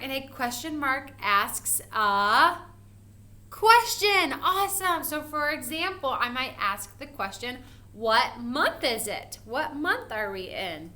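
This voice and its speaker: A woman teaching a recorded grammar lesson to first graders, gentle and encouraging, asking the children questions and reading example sentences slowly with exaggerated feeling. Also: sits high.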